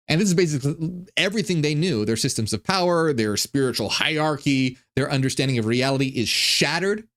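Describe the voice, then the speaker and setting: A man's voice: on the high side, lively intonation, brisk, hardly any pauses, a bit bright. A man hosting a channel, giving a rambling, profane monologue with many restarts. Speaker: channel host. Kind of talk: monologue commentary on ancient texts.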